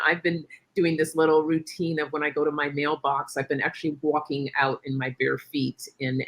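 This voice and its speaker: A woman's voice: low-pitched, husky. A middle-aged woman hosting a casual live-stream chat, affirming her guest and reading viewer comments aloud. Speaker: host.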